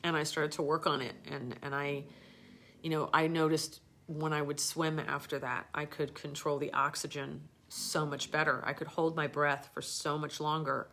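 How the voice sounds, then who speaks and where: A woman's voice: low-pitched, level tone, normal speed, a bit bright, slight background noise. A middle-aged woman hosting a live show, rambling through a personal story with many fillers and restarts. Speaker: host.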